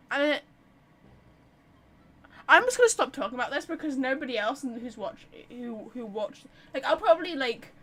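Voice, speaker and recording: Excitable high-voiced woman streamer. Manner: excitable, rambling, many fillers. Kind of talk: casual game commentary.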